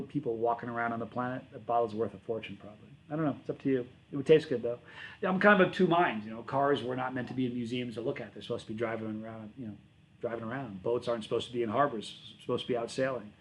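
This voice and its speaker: Running a relaxed livestream, a man answers his viewers' chat messages in a loose, rambling, friendly manner, frequently stopping to correct himself mid-sentence. His pitch is an ordinary middle, and the recording is low-quality.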